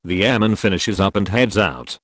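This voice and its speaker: A man reading a string of short military jokes as scripted narration, in an even, measured storytelling delivery. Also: fairly low pitch, dry recording, clean studio sound. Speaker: joke narrator.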